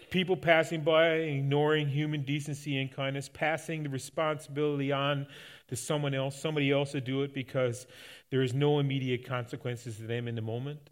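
His voice fairly high and level in tone, a middle-aged pastor from Canada moves briskly through a sermon. He tells personal stories in a homey, chatty manner, frequently starting sentences over.

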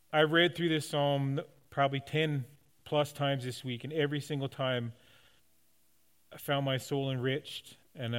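A man's voice: medium pitch, smooth. A man, the pastor of his church, preaching a conversational sermon to his congregation, with frequent restarts and light laughs. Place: church sanctuary.

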